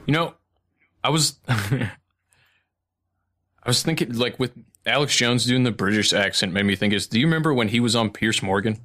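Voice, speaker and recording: A man's voice: mid-range voice, normal speed, long pauses, a bit bright. A man hosting a podcast in casual chat, blunt, profane and joking. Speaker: podcast host.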